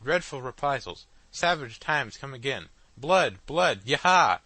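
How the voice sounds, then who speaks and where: A man voicing a shrill, yelping newspaper machine that screams headlines in an audiobook. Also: animated, a little slow, bright, forceful tone, no room sound, rough recording. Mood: frenzied.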